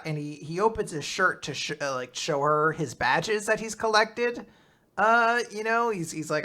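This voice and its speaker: Woman podcast host, casual manga recap, bright voice, animated plot retelling. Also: low voice, unhurried.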